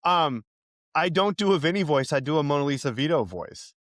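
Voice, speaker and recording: A man co-hosting a podcast, chatting about a movie in an animated voice whose pitch moves a lot. He swears casually and drops into quick impressions. The sound is dry and close. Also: dry recording. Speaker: podcast co-host.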